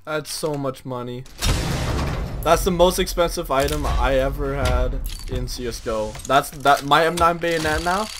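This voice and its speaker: A young man reacting out loud as he records himself gaming, excitable and full of disbelief. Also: fairly high pitch, moderate pace, background noise. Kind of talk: casual reaction commentary.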